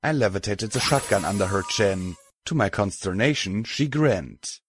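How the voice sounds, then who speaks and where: Low-voiced man narrating a story. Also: animated, normal speed, husky. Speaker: audiobook narrator. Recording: dry close mic, faint music.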